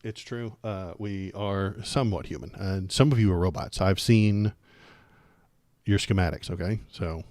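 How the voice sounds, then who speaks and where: A man's voice: sits low, a little slow, a little mellow, no echo, clean studio sound. A man hosting a political livestream, talking casually with a sarcastic, rambling, jokey manner.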